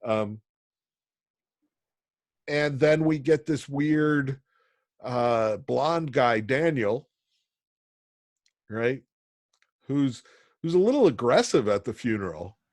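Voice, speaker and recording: A man from Pennsylvania teaching an online college class, talking in a halting way with many ums and restarts. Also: mid-range voice, lively intonation, darkish tone, no echo. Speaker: college instructor.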